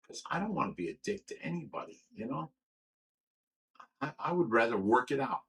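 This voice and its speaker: A middle-aged man with a gravelly, tense, forceful voice hosts a livestream. He reads viewers' comments aloud, then rants about them in a sore, profane way, repeating words as he stumbles along. A faint hiss of noise sits under his voice. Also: medium pitch, very animated, fairly quick, long pauses, poor audio. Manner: aggrieved, profane ranting. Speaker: livestream host.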